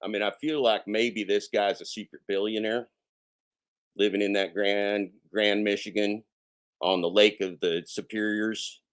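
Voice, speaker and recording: A man's voice: fairly low pitch, fairly even intonation, measured pace. A man hosting a casual live stream, talking in a sarcastic, mocking and boastful way and swearing freely.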